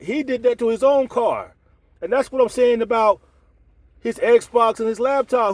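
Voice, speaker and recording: A man's voice: very high voice, measured pace, a little mellow, dry recording. A man giving an exasperated commentary rant, repeating himself and firing rhetorical questions. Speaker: commentary channel host. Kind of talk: ranting commentary.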